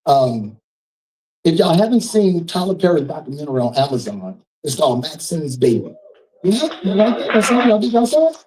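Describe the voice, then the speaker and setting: A man emceeing a live fundraiser, with a mellow, dark voice set a bit high for a man. He riffs loosely and calls out to the crowd like a preacher. The sound comes from some distance off the mic. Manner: loose, preacher-like riffing with call-outs to the audience. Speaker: event host. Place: live event hall.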